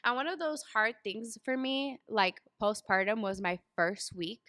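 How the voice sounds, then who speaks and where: Brief: woman guest, mid pitch, bright voice, dry close sound, storyteller. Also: measured pace, dry recording. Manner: storytelling, animated when acting out quotes. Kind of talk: casual interview chat.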